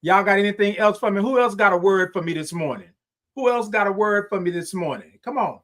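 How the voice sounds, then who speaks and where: Upbeat high-voiced livestream host man. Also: expressive, fairly quick, fairly bright tone. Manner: upbeat, repetitive, call-and-response, frequent laughs. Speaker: host of a morning livestream show. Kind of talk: casual livestream talk, reading viewer comments.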